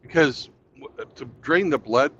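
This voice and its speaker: A man's voice: medium pitch, animated, unhurried, fairly bright tone. A man co-hosting a casual podcast chat, blunt and swearing freely as he tells stories. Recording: dull lo-fi line with faint hiss.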